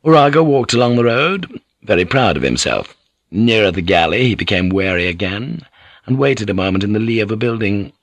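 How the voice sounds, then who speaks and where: Low-voiced man narrating an audiobook. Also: no echo. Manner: measured, even storytelling. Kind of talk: scripted narration.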